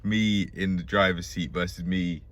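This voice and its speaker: Deep-voiced man musing aloud. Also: steady tone, moderate pace, fairly bright tone, dry recording. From Britain. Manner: musing, profane, talks to himself and jokes. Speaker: vlogger. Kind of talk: rambling self-talk monologue. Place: inside a parked car.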